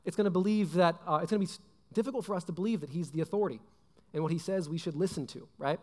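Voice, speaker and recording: Fast-talking young man preaching in a hall. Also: high voice. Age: young adult. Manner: chatty, filler-heavy with frequent "like" and "right?". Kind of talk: casual sermon. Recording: long hall reverb.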